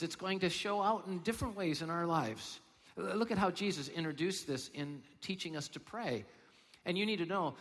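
A male pastor preaching a sermon, firing off rhetorical questions and then dropping to a soft, low voice. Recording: long reverb of a large hall.

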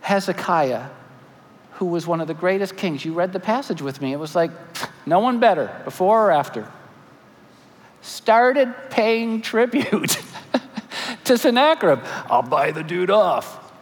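A man in his forties preaching a sermon as pastor, animated with joking asides and earnest appeals. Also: high-pitched, unhurried. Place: church sanctuary. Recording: church hall reverb, faint ambience.

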